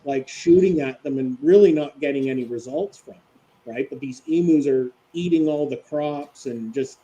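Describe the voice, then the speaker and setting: Man, casual group chat, mellow dark tone, talky, lots of "right?". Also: mid-range voice, normal speed, poor audio. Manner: chatty, leans on "right?" and "like".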